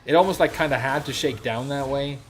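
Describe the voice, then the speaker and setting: A man's voice: medium pitch, fairly quick. A young man streaming a game, chatting loosely with lots of fillers and casual swearing. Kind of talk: casual chat while gaming.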